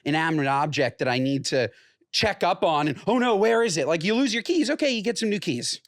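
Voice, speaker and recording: A man's voice: a little high, expressive, brisk, fairly bright tone, no room sound, clean studio sound. A man co-hosting a podcast, talking emphatically and making a point in casual chat. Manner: emphatic, opinionated. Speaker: podcast co-host.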